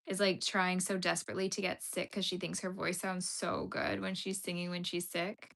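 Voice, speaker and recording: A woman's voice: on the low side, flat delivery, moderate pace, gravelly, fairly bright tone. A young woman hosting a casual crochet livestream, chatting with viewers, giggly and full of "like" fillers. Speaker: livestream host.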